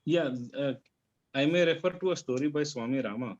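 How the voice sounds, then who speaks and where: A man's voice: on the high side, brisk, darkish tone, muffled recording. A man telling a spiritual story in a devotional group discussion, acting out the voices of the people in it. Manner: acts out the dialogue of the story's characters.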